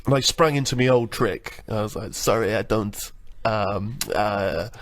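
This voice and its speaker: A man's voice: on the low side, a little slow. A man, a radio co-host, telling rambling self-mocking anecdotes in casual banter. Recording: archived radio studio recording.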